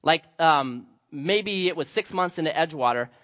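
A man's voice: a little high, animated, normal speed, a bit bright. A young man preaching a sermon as pastor, telling stories with humor and acting out the voices. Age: young adult. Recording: slightly dull lo-fi sound.

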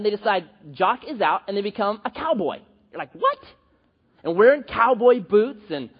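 A man's voice: high voice, breathy edge. A man preaching a sermon in a joking, conversational way, with many restarts and asides. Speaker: pastor. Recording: dull, reverberant hall recording.

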